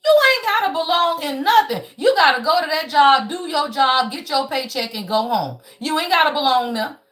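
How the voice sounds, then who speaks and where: A woman's voice: high-pitched, animated, moderate pace, fairly bright tone. A woman giving a live tarot reading, talking bluntly and profanely, preaching, and filling in with "y'all" and "right?". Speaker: tarot reader. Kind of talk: live spiritual reading, casual chat.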